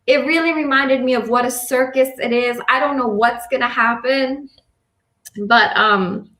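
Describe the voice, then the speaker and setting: A woman's voice: sits high, measured pace, pushed and bright, echoey room. A woman on a video call, speaking in a rambling, heartfelt way with many fillers. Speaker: campaign supporter. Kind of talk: casual video call chat.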